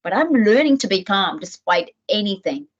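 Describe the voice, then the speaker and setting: A middle-aged woman from New Zealand gives an earnest, animated parenting talk with frequent restarts. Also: medium pitch, normal speed. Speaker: parenting speaker. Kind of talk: motivational talk to camera. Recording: dull lo-fi sound.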